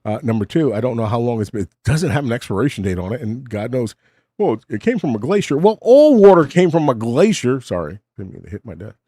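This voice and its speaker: Rambling middle-aged man, lively dark voice. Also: medium pitch, quick pace, dry recording, clean studio sound. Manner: rambling, self-mocking, animated asides. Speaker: host. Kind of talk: casual monologue. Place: home desk.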